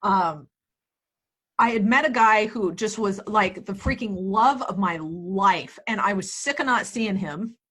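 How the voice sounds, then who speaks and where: A woman in her forties, a real estate agent and coach, telling stories in a lively, profane, laughing way from her office in a casual interview. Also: medium pitch, unhurried. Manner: animated, profane, laughing storyteller.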